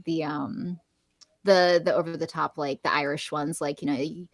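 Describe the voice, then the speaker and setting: A woman guest on a podcast, a voice actor chatting casually and lively, laughing often. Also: deep voice, normal speed, no room sound. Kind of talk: casual podcast interview chat.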